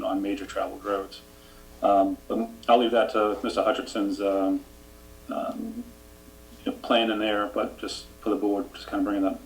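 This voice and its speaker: A man's voice: fairly low pitch, flat delivery, normal speed. A man giving the board a casual update at a town meeting, hesitant with many fillers and restarts. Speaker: town official. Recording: distant mic with faint hum.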